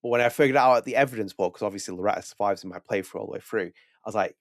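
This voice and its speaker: Man, podcast co-host, casual game review chat, rapid-fire talk, rambling restarts, dry close sound. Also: on the low side, creaky, dry recording. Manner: rapid, rambling, with frequent restarts and quoted asides.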